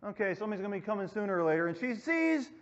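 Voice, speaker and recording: High-pitched male youth pastor, casual Bible lesson, echoey hall, muffled lo-fi recording. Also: sing-song, very fast. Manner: casual, storytelling, acts out quotes.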